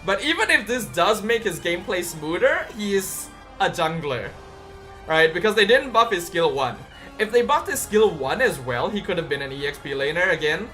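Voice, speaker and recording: A game streamer reviewing patch notes live, chatty and excitable, breaking into loud exclamations. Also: medium pitch, moderate pace, faint music behind.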